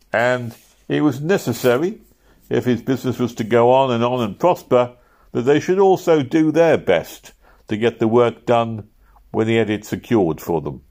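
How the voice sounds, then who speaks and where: A man narrating a novel aloud at a steady pace, lifting his voice for shouted quotes. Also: mid-range voice. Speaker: audiobook reader.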